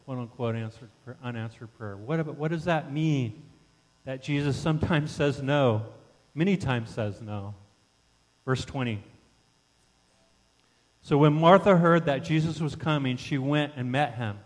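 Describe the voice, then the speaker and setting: A man's voice: medium pitch, measured pace, pauses often, in a large hall, low-quality recording. A man preaching a sermon as pastor, talking conversationally with rhetorical questions and frequent restarts.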